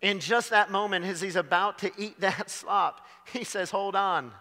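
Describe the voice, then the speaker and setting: A man preaching a dramatic sermon, swinging from loud to hushed. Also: sits high, normal speed, big-room sound.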